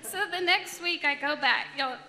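Lady giving a ministry talk, high voice, animated and laughy. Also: normal speed, noisy background. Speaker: ministry speaker. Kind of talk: testimony talk to a group.

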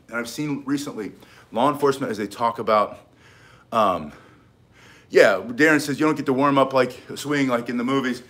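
A man's voice: mid-range voice, a bit bright. A middle-aged man teaching self-defense in an emphatic, casual way, hammering home key points and often restarting his sentences. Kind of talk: casual instructional talk.

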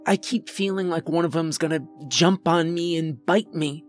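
Man putting on a nervous young woman ranger, squeaky, timid, raised higher, horror story reading. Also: lively intonation, moderate pace, soft background music. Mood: frightened. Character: scared young woman park ranger, twenty.

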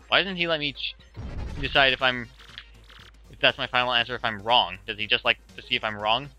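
Let's-play host, male, dry wisecracking commentary, bright tone, soft game music under. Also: mid-range voice, fairly even intonation, fairly quick, low-quality recording. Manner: dry, joking asides. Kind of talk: casual gameplay commentary.

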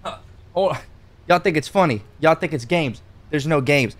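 A man's voice: a little high, moderate pace. Boastful, breathless male streamer. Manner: boastful and joking, talking straight to chat; jumping around while talking, breathless at times. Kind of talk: casual live-stream game commentary.

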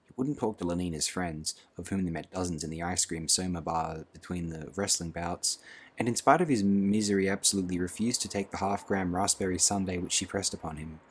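A man narrating an audiobook in a measured, dry reading. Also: low voice, husky.

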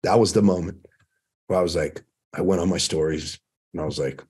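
He speaks briskly but leaves long pauses, his low voice darkish in tone and slightly rough. A man in his thirties who went from firefighting to coaching, he tells his story candidly as a podcast guest, cursing freely in casual talk.

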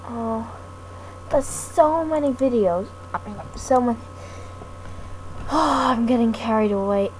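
Gaming woman, high-ish voice, slow rambling delivery, hiss on the home mic. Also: a little mellow. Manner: slow, hesitant, self-deprecating rambling with many restarts. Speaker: gaming YouTuber. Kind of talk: rambling thank-you talk over gameplay. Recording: noisy home mic recording.

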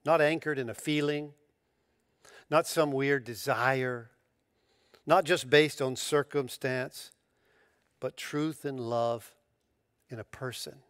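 A man preaching a sermon as pastor, in a conversational, emphatic way, using casual slang and restarting his phrases, rising sharply when excited. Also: mid-range voice, slow, pauses often, clear, resonant tone, no echo, clean studio sound.

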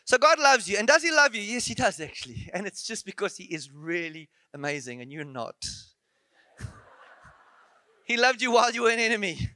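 Bright-voiced animated male preacher. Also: high-pitched, moderate pace, dry recording. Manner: animated, rhetorical questions, playful asides. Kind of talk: conference sermon. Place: church.

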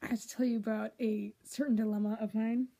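A woman's voice: a little high, level tone, fast, gravelly, mellow. A young woman vlogging to her camera in a dramatic, gushing way, swinging between whiny outbursts and whispers. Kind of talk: casual confessional vlog.

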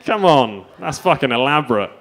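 A man's voice: mid-range voice, big pitch swings, measured pace, fairly bright tone. A man doing a stand-up set, delivering self-mocking absurd one-liners. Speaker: stand-up comedian.

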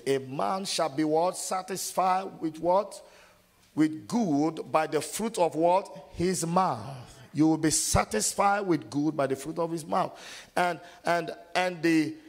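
A man preaching a sermon as pastor, asking the congregation to finish verses and acting out scenes with loud shouts. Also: a little high. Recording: long hall reverb.

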